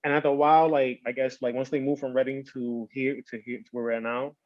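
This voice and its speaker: A man's voice: mid-range voice, little pitch movement, quick pace, no room sound. A man hosting a casual podcast chat, rambling and a little tipsy, slurring words now and then and dropping in Spanish. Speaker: podcast host. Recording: dull lo-fi sound.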